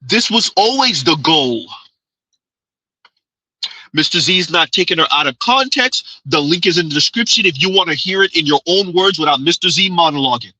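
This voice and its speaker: Male commentary host, heated and mocking, high-ish and husky. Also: lively intonation, moderate pace, sharp tone, dry recording, poor audio. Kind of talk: reaction commentary.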